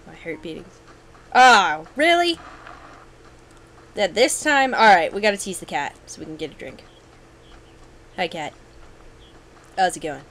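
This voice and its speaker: A young woman giving casual, excitable commentary while playing a video game, with sudden yelps and running chatter. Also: on the low side, normal speed, long pauses, rough recording. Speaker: let's play gamer.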